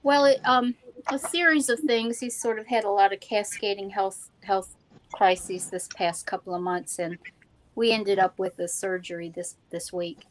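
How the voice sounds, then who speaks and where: A woman's voice: medium pitch, low-quality recording. Hesitant woman chatting on a call. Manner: hesitant, halting, many fillers. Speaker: forum guest. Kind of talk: casual chat.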